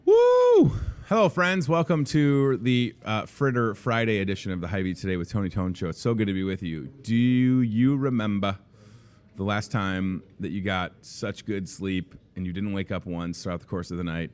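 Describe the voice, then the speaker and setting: A man's voice: deep voice, moderate pace, a little mellow, clean tone. A man in his thirties hosting a casual show from a grocery store café, jokey and rambling. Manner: jokey, rambling, self-deprecating. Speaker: host. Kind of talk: casual chat.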